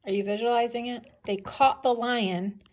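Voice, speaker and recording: A woman's voice: a little high, steady tone, moderate pace, darkish tone, highs cut off, slight background noise. A woman teacher reading a story aloud to young children, patiently stopping to ask them questions. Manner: patient, questioning, checks understanding. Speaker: second-grade teacher.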